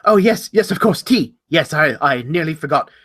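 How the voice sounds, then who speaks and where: A man's voice: medium pitch, animated, quick pace, a bit bright, slightly rough. A man voicing a flustered, forgetful human host who stammers and apologizes.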